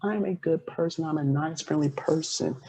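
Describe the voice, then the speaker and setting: A man's voice: a little high, normal speed, noisy background. A man hosting a podcast, chatting with a guest in an earnest, heartfelt way. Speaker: podcast host. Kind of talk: casual interview chat.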